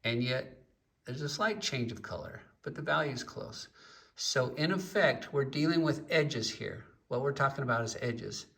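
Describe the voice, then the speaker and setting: A man teaching a painting lesson, explaining at an unhurried pace while pointing at his work and mixing in stories. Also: medium pitch, expressive, creaky, pushed and bright, far from the mic. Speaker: painting instructor.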